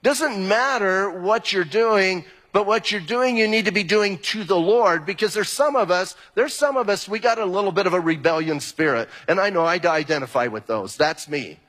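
A male pastor preaching in a relaxed, conversational way and circling back to the same phrases for emphasis. His voice sits a little high and sounds somewhat husky. It rings out with the long reverb of a church hall. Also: normal speed, few pauses. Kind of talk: sermon.

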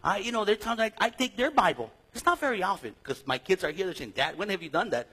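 A middle-aged man teaches scripture with a bright, high-pitched and husky voice. His pitch swings widely as he acts out stories and conversations. His delivery is animated and full of restarts. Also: fast. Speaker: Bible teacher. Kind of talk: lively sermon-style Bible class.

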